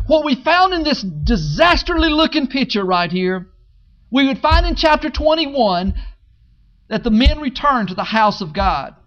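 A man's voice: very high-pitched, bright, forceful tone. A man preaching a sermon as pastor. He swells and drops his emphasis and repeats key phrases. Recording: dull lo-fi sermon recording.

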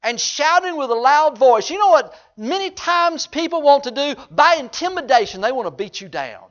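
A man delivers a sermon in a strikingly high voice. He swings between quiet, low asides and loud, driving exhortation. The recording is dull and lo-fi. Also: big pitch swings, normal speed. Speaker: pastor.

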